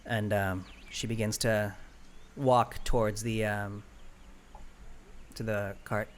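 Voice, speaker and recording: A man narrating as game master of a tabletop game in a relaxed, rambling way, with many fillers. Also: lowish voice, slow pace, slight background noise.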